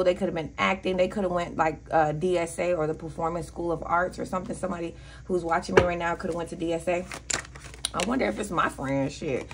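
Blunt, profane Southern woman reading tarot. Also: on the low side. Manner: blunt and profane, preachy asides. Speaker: tarot reader.

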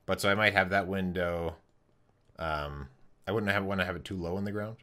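Deep-voiced guy streaming a block game, mumbling through his build, lots of ums, keyboard clicks. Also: fairly even intonation, pushed and bright. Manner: thinking aloud, halting with many ums. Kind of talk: casual live-stream commentary while building.

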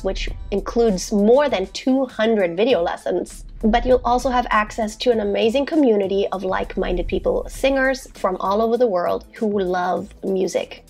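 A woman vocal coach reading a scripted, upbeat promotion for her singing school. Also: a little mellow. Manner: upbeat, inviting sales pitch.

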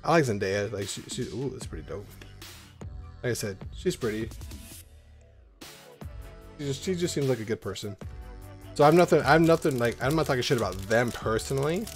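A man vlogging as he opens trading card packs at home. He rambles, swears freely and now and then breaks into loud, excited whoops. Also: medium pitch, a little fast, pauses often, faint music behind. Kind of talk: casual rambling vlog. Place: at home in an apartment.

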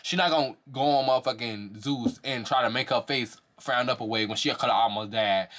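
Fast-talking young man ranting about a show. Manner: fast, animated, swearing, jumps into high mocking voices. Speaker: reality TV reviewer. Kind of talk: casual profane commentary.

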